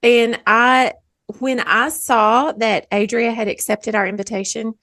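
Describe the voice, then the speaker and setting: A woman's voice: on the high side, fairly even intonation, measured pace, pushed and bright, dry recording, clean studio sound. A woman, co-hosting a podcast in a chatty, self-deprecating way and laughing often. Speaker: podcast co-host. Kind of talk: casual podcast chat.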